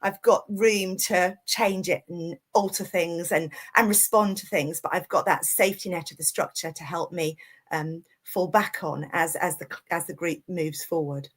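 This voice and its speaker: Low-voiced woman explaining a plan. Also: normal speed. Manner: steady, explaining step by step. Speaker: music session leader. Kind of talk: webinar teaching.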